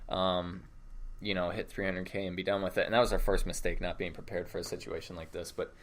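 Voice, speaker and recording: A man's voice: deep voice, level tone, fast, fairly bright tone. A young man in casual podcast conversation as a guest, easygoing, often repeating words as he restarts a thought. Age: young adult.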